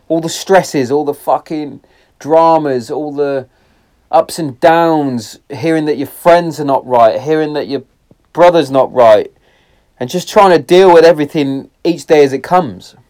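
Swearing man rambling in a podcast. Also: measured pace. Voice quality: heavy swearing, rambling and tangent-prone. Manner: laughs often, swings between loud excitement and low quiet reflection. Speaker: podcast host. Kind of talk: casual solo podcast monologue. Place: garden shed.

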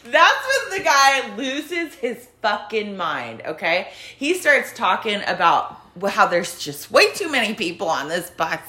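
A woman co-hosting a casual podcast, telling bus-driving stories in an animated way, laughing often and acting out quotes. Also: medium pitch, unhurried, few pauses. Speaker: podcast co-host, bus driver. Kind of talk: casual storytelling chat.

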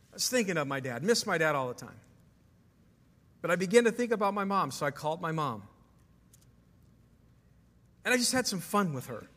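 A man's voice: on the high side, a bit bright, big-room sound. A man preaching a sermon as pastor to his congregation, emphatic, asking the room questions. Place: church sanctuary.

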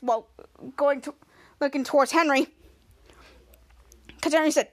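A woman's voice: high voice, a bit bright. A woman hosting a podcast, recapping a TV episode scene by scene in a rambling, casual way and popping into the characters' lines. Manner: retells scenes with quick quoted voices, rambling restarts. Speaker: podcast host.

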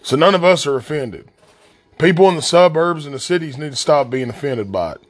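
A man's voice: on the high side, lively intonation, a little fast. Angry Appalachian man ranting, swearing. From southern West Virginia coal fields. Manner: angry, heavily profane, blunt. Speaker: podcast host. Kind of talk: solo podcast rant.

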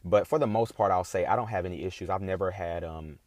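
Profane, indignant man with lowish voice. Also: fast talker, darkish tone, dry recording. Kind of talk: casual heated monologue.

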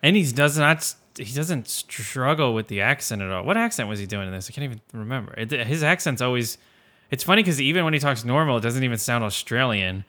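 A man's voice: mid-range voice, animated, brisk, sharp tone. A man co-hosting a casual movie podcast, rambling and self-correcting with frequent laughs. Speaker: podcast co-host.

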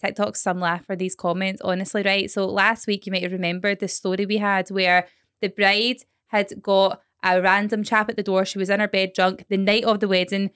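A woman's voice: medium pitch, little pitch movement, moderate pace, fairly bright tone, clean tone, no echo, studio quality. A Scottish woman, a mother, co-hosting a podcast in casual chat, blunt and swearing freely as she tells stories. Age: adult with children. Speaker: podcast co-host.

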